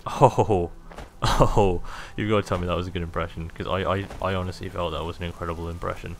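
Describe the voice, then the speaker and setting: Jokey lad commentating a game. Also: male voice, sits low, little pitch movement, racing, creaky, fairly bright tone, slight background noise. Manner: jokey, rambling, self-amused. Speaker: gaming video host. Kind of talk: casual gameplay commentary.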